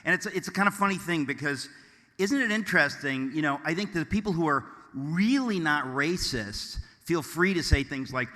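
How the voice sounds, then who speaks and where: Bright-voiced man joking to a hall. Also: fairly high pitch, normal speed. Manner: deadpan mock-offensive jokes, then earnest and rambling. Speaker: keynote speaker. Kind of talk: joking, loose speech to a live audience. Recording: long hall reverb.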